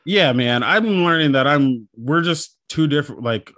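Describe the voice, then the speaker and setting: An animated man talking casually and profanely, often dropping into quick impressions of other people. His voice sits at a middle pitch and is recorded close and dry, with no room sound around it. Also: no echo. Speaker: podcast co-host. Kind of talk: casual chat.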